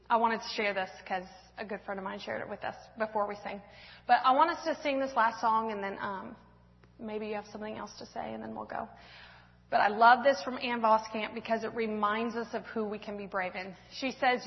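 A woman in her thirties reads a children's story aloud to a church congregation, expressive and gentle. Her voice sits high. The sound is muffled and carries a long reverb through the church hall. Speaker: church speaker. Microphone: handheld or stand mic.

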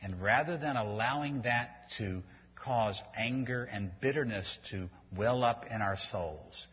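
A man's voice: medium pitch, measured pace, breathy edge. A man preaching a sermon, earnest and pleading, rising to emphatic peaks as he makes his points. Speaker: pastor. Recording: dull lo-fi sound in a long-echo hall.

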